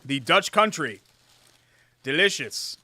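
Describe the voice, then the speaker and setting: Bright-voiced bantering male sports host. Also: on the high side, animated, slow, dry recording. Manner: chatty, jokey, reads sponsor plugs. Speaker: sports talk show co-host. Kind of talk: casual sports talk banter. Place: studio.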